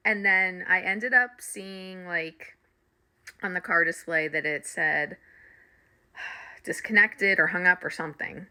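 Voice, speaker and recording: A middle-aged woman, a spiritual reader and coach, casually telling her viewers a story, animated and laughing often. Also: lowish voice, takes it slowly, pauses often, clear, resonant tone.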